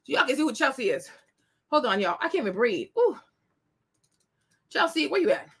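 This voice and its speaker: A woman's voice: sits high, sing-song, brisk, slightly rough. A woman hosting a commentary show, ranting bluntly and scathingly with bursts of laughter. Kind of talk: opinionated commentary rant.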